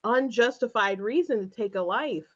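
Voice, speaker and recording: A woman's voice: a little high, normal speed, fairly bright tone, dull audio. A woman hosting an interview show, talking in a rambling, hesitant way with frequent restarts and laughter. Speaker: show host. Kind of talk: casual conversational interview.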